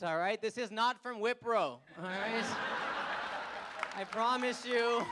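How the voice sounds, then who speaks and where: A man with an Indian accent performing a stand-up comedy set on stage, animated and quick to act out characters. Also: high voice, some chatter behind. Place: comedy stage before a live audience.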